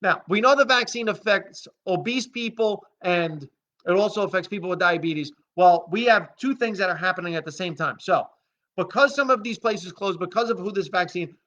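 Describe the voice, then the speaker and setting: A man hosting his own video show, giving an animated, emphatic opinion monologue. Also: high voice, moderate pace. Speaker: video host. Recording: dull lo-fi sound.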